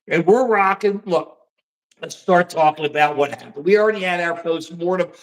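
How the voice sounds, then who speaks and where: American man, livestream host, casual rambling political chat, folksy slang. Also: high-pitched. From United States.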